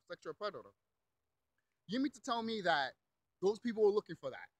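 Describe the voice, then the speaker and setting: Young guy ranting mad, lots of swearing, high voice jumping all over, dry sound. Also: fairly bright tone, no echo, rough recording. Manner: heated, profane, repeats himself, mocks others in put-on voices. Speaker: YouTube commentator. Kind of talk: angry rant.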